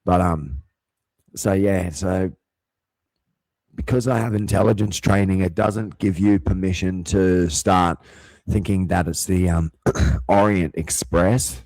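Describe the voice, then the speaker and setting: A man's voice: low-pitched, slow pace, long pauses, a little mellow, dry recording. A man hosting his own show, talking in a heated, profane, rambling monologue full of restarts and swearing. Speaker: show host.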